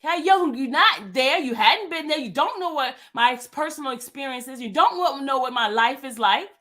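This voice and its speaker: A woman's voice: sits high, animated, normal speed, fairly bright tone. A woman in her fifties venting in an emphatic, repetitive monologue to her viewers. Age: 50s. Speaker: vlogger. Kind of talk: impassioned monologue.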